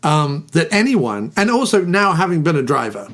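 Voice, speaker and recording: A man's voice: a little high, sing-song, moderate pace. A man hosting a podcast, chatting casually and going off on joking, rambling tangents. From England. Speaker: podcast host. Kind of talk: casual chat.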